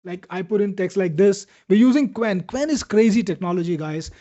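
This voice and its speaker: Male webinar host, high voice, pushy upbeat demo patter, slightly muffled audio. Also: moderate pace, dark tone. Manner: upbeat, salesy, addresses viewers by name. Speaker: webinar host demoing software. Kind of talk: live product demo answering viewer questions.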